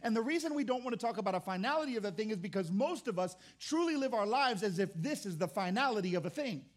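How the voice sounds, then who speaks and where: A man's voice: high-pitched, lively intonation, quick pace. A man preaching as a pastor, conversational with restarts, mimicking complaining churchgoers. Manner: acts out churchgoers' complaints in mock voices. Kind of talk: sermon.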